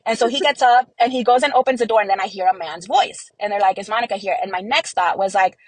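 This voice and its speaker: A woman's voice: medium pitch, quick pace, no room sound, poor audio. Young woman guest, dry close sound, grief-laden storytelling full of quoted dialogue and fillers. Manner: recounts events by acting out quoted dialogue, many fillers. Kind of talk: emotional personal storytelling.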